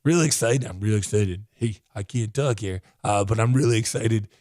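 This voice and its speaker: An out-of-breath man whose voice is fading, reviewing a comic book in an excited, rambling way full of "like". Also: fairly low pitch, fairly quick, no echo, studio quality. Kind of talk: casual video review.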